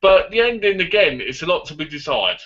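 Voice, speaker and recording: A man chatting as a guest on a live online stream, excitable and rambling. His voice is bright and forward, coming through a computer mic with dull, lo-fi call audio. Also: on the high side, a little fast. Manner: excitable, rambling movie talk. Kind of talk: casual live chat.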